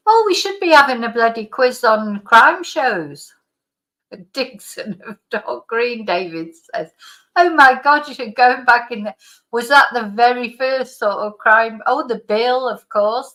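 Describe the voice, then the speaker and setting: A woman's voice: a little high, takes it slowly, a bit bright. A middle-aged woman with a slight lingering cough, hosting a live stream in rambling, casual chat as she reads out viewer comments. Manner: rambling, chatty, with frequent restarts and laughs.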